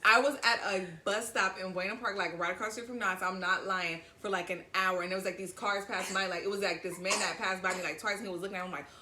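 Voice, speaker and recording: A woman from Southern California telling a story in a casual chat, animated and profane, acting out what people said. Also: medium pitch, quick pace, hardly any pauses, echoey room, a little hiss or hum. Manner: animated, profane, acts out quoted lines.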